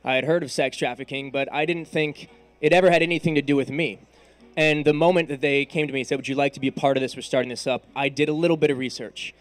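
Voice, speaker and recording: A man's voice: medium pitch, steady tone, quick pace. A man from San Diego, a singer talking casually and earnestly to a live crowd from an awards stage into a handheld mic between songs. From San Diego, California.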